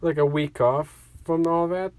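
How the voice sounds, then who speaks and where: A man's voice: a little high, steady tone, measured pace, clean tone, no echo, close to an everyday voice. A man voicing Mina, a tipsy teenage girl hero in a party mood, speaking in a coaxing, upbeat way.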